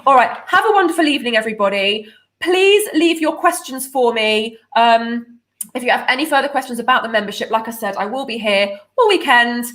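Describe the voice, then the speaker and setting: A woman's voice: fairly high pitch, expressive, brisk, fairly bright tone. A woman hosting a casual live stream, bubbly and chatty with lots of fillers. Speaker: host of a nutrition membership livestream.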